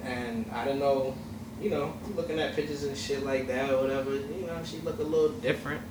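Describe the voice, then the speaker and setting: A man hosting a casual chat, telling a long story in a loud, profane, laughing way. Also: fairly high pitch, flat delivery, fast talker. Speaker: host. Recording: echoey room, mic far off, faint noise.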